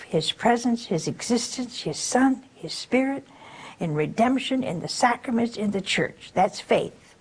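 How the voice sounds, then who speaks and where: A woman's voice: mid-range voice, husky, poor audio. An older woman giving a spiritual talk, telling folksy stories and asking rhetorical questions. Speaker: religious speaker.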